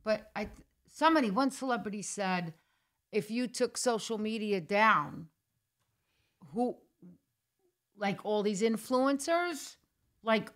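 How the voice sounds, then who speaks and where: A woman's voice: mid-range voice, expressive, slow pace, pauses often. A woman guest in a casual chat, chatty and asking questions.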